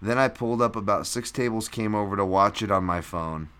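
A man's voice: fairly low pitch, fairly quick, fairly bright tone, clean tone. A man hosting a podcast in a loose, rambling live-stream recap, reading out chat and swearing casually. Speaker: podcast host.

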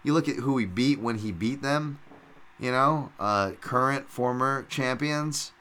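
A man's voice: medium pitch, measured pace, fairly bright tone. A middle-aged man hosting a casual solo podcast, rambling and swearing freely with lots of fillers and restarts. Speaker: podcast host.

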